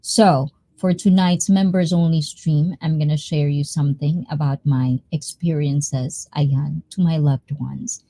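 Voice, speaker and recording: Bubbly Filipino woman livestreamer, slow. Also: sits low, steady tone, warm tone. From Philippines. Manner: bubbly, laughs often between lines. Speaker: livestream host. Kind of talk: casual livestream chat.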